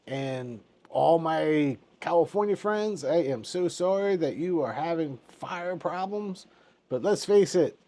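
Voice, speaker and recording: A man's voice: fairly high pitch, darkish tone. Chuckling man in his fifties. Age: 50s. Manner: chuckling, joking asides. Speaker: finance channel host. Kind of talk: casual commentary.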